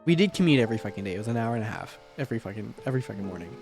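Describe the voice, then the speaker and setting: A young man streaming a casual recap, animated and often laughing and swearing. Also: lowish voice, rapid-fire, over music.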